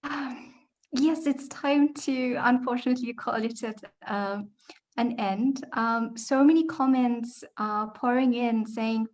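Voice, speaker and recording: Slow, hesitant woman moderator. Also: fairly high pitch, a little mellow. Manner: hesitant, halting with fillers. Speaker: class moderator.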